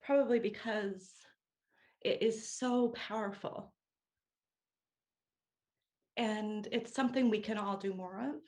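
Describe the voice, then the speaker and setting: Woman talking slow and earnest, emotional heartfelt tribute, mid pitch. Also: a little mellow. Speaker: meeting participant, friend. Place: video call.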